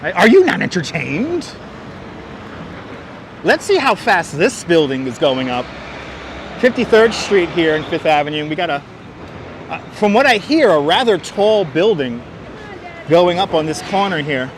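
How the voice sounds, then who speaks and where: A man with a fairly high voice giving sarcastic running commentary as he walks. He talks into a clip-on mic outdoors. Faint traffic hums in the background. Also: very animated, moderate pace. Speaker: livestreamer. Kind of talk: casual walking livestream. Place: outdoors on city streets. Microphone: wireless clip-on mic.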